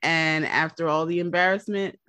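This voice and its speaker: A woman's voice: deep voice, steady tone, moderate pace, bright, forceful tone, no room sound. A woman hosting a podcast, casually retelling a TV episode in a chatty storytelling way. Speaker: podcast host.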